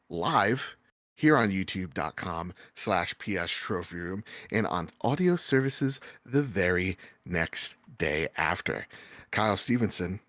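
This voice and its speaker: Energetic podcast host guy, low voice that swings all over, dry mic. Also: no echo. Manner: hyped, fast-talking, playful. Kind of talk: casual livestream chat.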